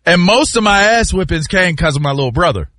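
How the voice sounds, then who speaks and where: Brief: man, fairly high and bright, very animated storyteller, dry sound. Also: brisk, no room sound. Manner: animated storyteller, loud sudden shouts. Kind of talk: casual chat.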